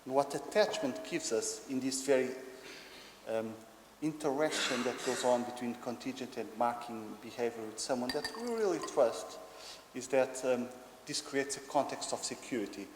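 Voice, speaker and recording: A man's voice: mid-range voice, normal speed. A man with a Portuguese accent giving a conference lecture, explaining hesitantly with many ums. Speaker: conference speaker. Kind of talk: academic lecture. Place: conference hall. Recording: echoey hall with faint noise.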